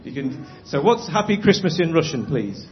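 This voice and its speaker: A man's voice: fairly high pitch, big pitch swings, moderate pace, reverberant. A man leading a church prayer, then hosting a gathering with encouraging remarks. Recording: dull lo-fi with faint hiss.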